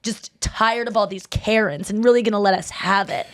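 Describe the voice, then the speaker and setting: A woman's voice: moderate pace, no echo, clean studio sound. A woman hosting a podcast, telling stories in casual chat, acting out quotes and swearing freely. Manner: animated, acts out quotes in a higher voice. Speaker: podcast host.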